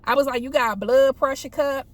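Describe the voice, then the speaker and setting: A woman with a high voice tells stories from her police work in a loose, casual way. She acts out radio calls and lifts her voice for them. She speaks from a parked car. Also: a little fast. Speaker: police officer vlogger. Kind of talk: casual storytelling.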